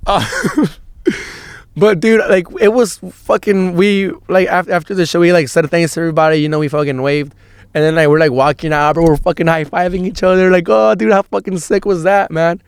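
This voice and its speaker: A man's voice: fairly high pitch, smooth, no room sound. Rambling, cursing young man telling a story. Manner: rambling, profane, restarts a lot. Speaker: podcast host. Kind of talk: casual storytelling monologue.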